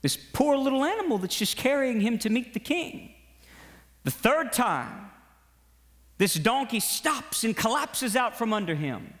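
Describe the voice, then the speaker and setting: A man preaching a sermon, retelling a story with animated exhortation to his listeners and viewers. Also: extremely high pitch, measured pace. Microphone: broadcast to online viewers. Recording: long hall reverb.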